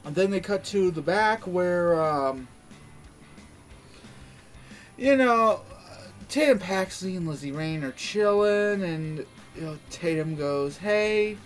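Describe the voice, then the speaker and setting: High-voiced man recapping wrestling casually. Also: animated, takes it slowly, long pauses, faint music behind. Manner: rambling, full of fillers and restarts.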